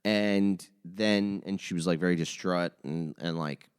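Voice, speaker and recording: A young man and comedian chatting casually as a podcast guest, telling an animated story and swearing a lot. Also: sits low, measured pace, clear, resonant tone. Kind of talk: casual chat.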